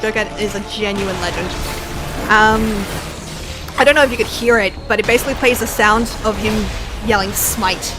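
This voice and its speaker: A woman's voice: medium pitch, moderate pace, music in the background, poor audio. A woman from Australia with an American accent, chatting bluntly and swearing freely while she plays a game on a live stream. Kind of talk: casual live-stream chat while gaming.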